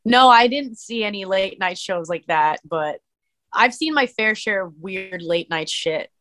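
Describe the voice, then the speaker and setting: A woman, a musician and streamer, chatting as a podcast guest and telling stories in an animated way, full of "like". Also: medium pitch, unhurried. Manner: animated storyteller, many "like" fillers. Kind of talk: casual interview chat.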